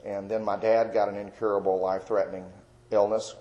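A middle-aged man from Texas telling his personal faith testimony in a folksy, storytelling way, with frequent restarts and soft chuckles. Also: lowish voice, flat delivery, a little fast, highs cut off. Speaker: Christian artist giving testimony.

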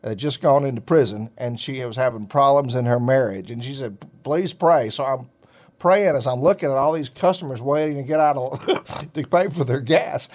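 Middle-aged male show host, casual rambling storyteller, average pitch. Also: a little mellow. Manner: folksy, rambling with fillers and restarts. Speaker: ministry show host telling a testimony.

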